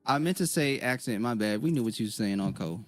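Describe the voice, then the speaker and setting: A man's voice: medium pitch, lively intonation, brisk, soft background music. A man co-hosting a podcast, chatting casually and joking with his co-host. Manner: joking, chatty, reacts with laughs. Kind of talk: casual chat.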